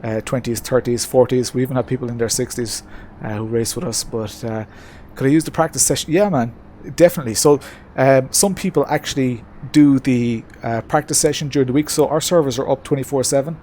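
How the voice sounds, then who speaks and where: A man chatting casually on a live stream from his home racing setup, relaxed and talkative, answering chat with many hesitations. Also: medium pitch, fairly quick, hardly any pauses, slight background noise. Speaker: streamer racing in a sim-racing league.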